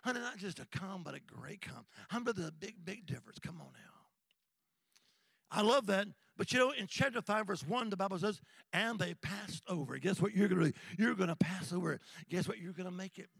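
A man preaching a sermon as an evangelist, with rhythmic call-and-response that swings from shouts to hushed whispers in a church. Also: sits high, animated, fairly quick, vocal fry, breathy edge, no room sound. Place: church sanctuary.

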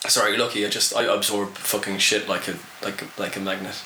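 A man rambles through a casual podcast chat, swearing freely and laughing often. His voice is bright and forceful. The recording is echoey, with faint background noise. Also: on the low side, flat delivery, fast.

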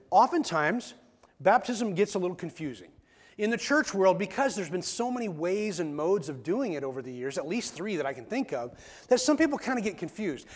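A male pastor giving a conversational sermon in church, often repeating words as he starts a sentence. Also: sits high.

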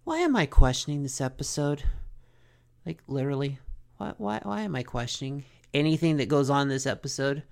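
A podcast host recapping a cartoon episode in a joking, animated way. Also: medium pitch, fairly quick, gravelly. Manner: animated, joking, self-questioning.

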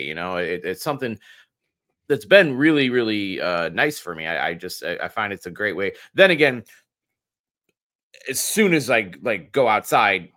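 A man co-hosting a casual podcast chat, talking haltingly with many restarts and some swearing. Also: lowish voice, bright, forceful tone. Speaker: podcast co-host.

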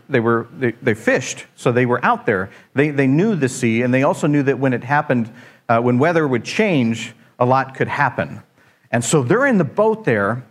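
A man, preaching a sermon full of humorous, self-deprecating stories, rambling and animated with frequent restarts. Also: on the high side.

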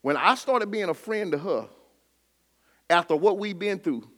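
A high, bright-toned man preaches a sermon. He is middle-aged and talks in a call-and-response style that climbs into shouting. His voice carries a forceful edge. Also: animated, a little slow. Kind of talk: sermon with personal testimony.

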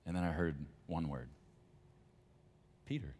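Deep-voiced man preaching. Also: lively intonation, moderate pace, slight background noise. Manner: conversational, emphatic storytelling with laughs. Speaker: pastor. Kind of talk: sermon.

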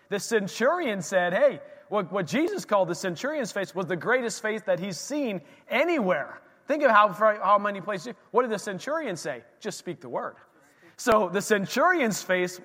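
A man preaches with a high, light voice, leaning hard on repeated phrases and rising and falling in volume. His words ring out with a long reverb, like a church hall. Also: a bit bright. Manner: emphatic, repeating key phrases with swings in volume. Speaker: pastor. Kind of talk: sermon. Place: church sanctuary.

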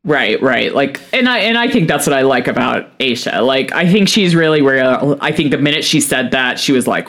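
A man chatting on a casual podcast in an ordinary mid-pitched voice. He talks loosely, leaning on fillers and dropping wry asides. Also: lively intonation, moderate pace, few pauses, fairly bright tone. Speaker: podcast co-host. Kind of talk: casual chat.

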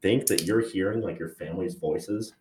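A man's voice: low-pitched, normal speed, darkish tone, a little hiss or hum. A man on a podcast chatting eagerly about spooky legends, rambling with many fillers. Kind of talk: casual chat. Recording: roomy echo.

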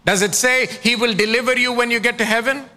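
Bright high-voiced preacher in a reverberant hall. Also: male voice, steady tone, fast. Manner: preaching with call-and-response prompts to the congregation. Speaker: pastor. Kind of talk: sermon.

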